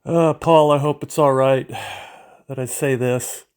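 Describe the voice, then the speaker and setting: A man in his seventies from California, telling rambling memories of his youth, halting often as he searches for names. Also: medium pitch, fairly even intonation, a little mellow, smooth, no echo. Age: 70s. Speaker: memoirist. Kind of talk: reminiscing memoir narration.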